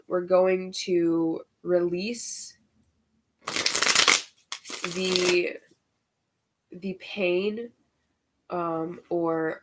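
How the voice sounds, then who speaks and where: A woman's voice: lowish voice, heavy background noise. A woman giving a casual spiritual tarot reading, chatty and candid, swearing and using slang freely, and getting worked up over the cards. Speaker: tarot reader.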